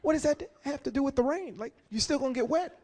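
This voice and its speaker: A stand-up comedian in his forties has a strikingly high voice for a man and a quick pace. He tells his stories with animation, slipping in and out of the characters he describes.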